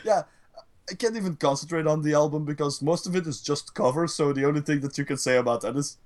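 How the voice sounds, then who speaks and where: A man's voice: a little high, fast talker. A man co-hosting a casual podcast chat, ranting in a rambling, profane way. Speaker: podcast co-host.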